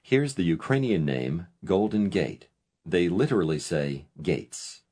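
A man narrating a language course in a scripted lesson style, giving clear, instructive prompts. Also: low-pitched, animated, measured pace, dark tone.

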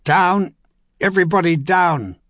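A man voicing a grown nobleman under attack, from alarmed shouting to bitter prayer to soothing a frightened boy. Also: high voice, a little slow, dry recording, clean studio sound, pitched above the performer's own voice. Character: grown nobleman, desperate, protective.

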